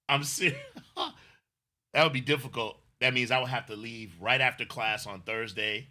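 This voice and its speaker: A man's voice: medium pitch, unhurried, sharp tone. A middle-aged man co-hosting a casual livestream, talking in a rambling, effusive way and thanking viewers emotionally. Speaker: livestream co-host.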